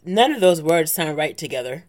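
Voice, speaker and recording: A woman's voice: deep voice, very animated, normal speed, darkish tone. A woman co-hosting a podcast in casual chat, teasing and wry. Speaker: podcast co-host.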